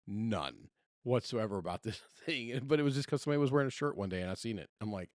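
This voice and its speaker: Southern guy cohosting a podcast, lively up-and-down voice, lowish, laughs a lot, dry close mic. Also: fast talker, dry recording. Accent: Southern American. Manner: animated, laughing storyteller with many restarts. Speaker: podcast co-host. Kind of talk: casual chat.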